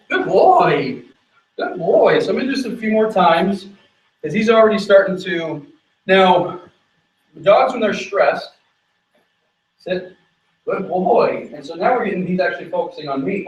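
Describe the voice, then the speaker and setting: A man teaching dog training on location, talking through his method while calling out quick commands to the dog. His voice sits a little higher than most men's and sounds roomy and echoey, picked up from some distance away. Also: animated, highs cut off.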